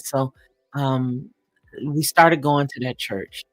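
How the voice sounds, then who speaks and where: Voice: medium pitch, steady tone, takes it slowly, dry recording. A live-stream host telling a personal story in a reflective way, often chuckling and using fillers.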